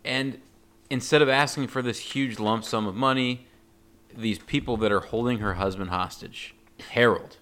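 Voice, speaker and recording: A man's voice: mid-range voice, fairly even intonation, moderate pace, a bit bright. A man co-hosting a podcast, wryly recounting a film's plot in casual conversation. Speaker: podcast co-host. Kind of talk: casual movie discussion.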